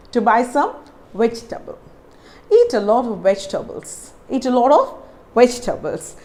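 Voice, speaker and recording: A woman with an Indian English accent teaching pronunciation, repeating words slowly and checking in with her viewers. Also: a little high. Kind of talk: pronunciation lesson.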